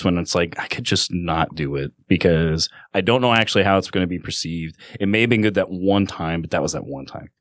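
Low-voiced man in casual chat. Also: fairly quick, few pauses, no room sound, studio quality. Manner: rambling, filler-heavy, self-conscious. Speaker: podcast co-host.

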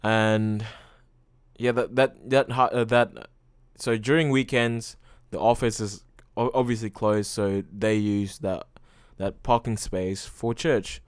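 A man's voice: on the low side, steady tone, slow, smooth, no room sound, studio quality. A young man hosting a casual solo podcast, rambling loosely with lots of fillers and frequent swearing. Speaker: podcast host.

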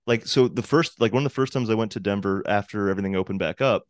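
A man co-hosts a comedy podcast, telling stories in a chatty manner with plenty of fillers. His voice is fairly low. The room sound is dry and close. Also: fast talker, no room sound. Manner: chatty, filler-heavy storytelling. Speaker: podcast co-host. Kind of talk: casual podcast chat.

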